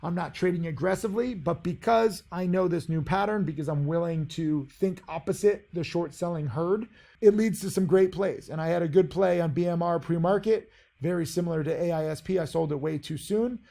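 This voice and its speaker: A man's voice: a little high, a little fast, creaky, warm tone. A man giving a casual video lesson on trading, brash, boastful and blunt. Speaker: trading teacher.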